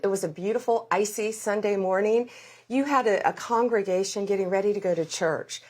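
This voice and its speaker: A middle-aged woman speaks in a political interview, with a voice at an ordinary middle pitch for a woman. She tells events in vivid, emphatic detail and drives home her points with repeated, firm promises. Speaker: interview guest, government official. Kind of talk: forceful political interview answers.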